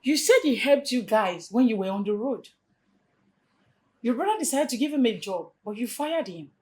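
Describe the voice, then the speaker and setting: A woman's voice: a little high, lively intonation, normal speed, darkish tone, natural voice. A woman playing a frank scolding friend. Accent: Nigerian. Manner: scolding, preachy. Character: frank young female friend, scolding and honest.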